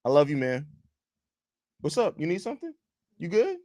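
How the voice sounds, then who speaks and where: Relaxed man hosting a sports podcast, dry sound. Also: on the high side, moderate pace, dry recording. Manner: loose, repeats phrases, reads chat questions aloud. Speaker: podcast host. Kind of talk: casual live-stream sports chat. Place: at home. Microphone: desk microphone.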